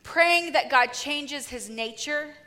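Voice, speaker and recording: A woman preacher delivering a sermon with lively, humorous storytelling. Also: high voice, slow pace, long reverb tail.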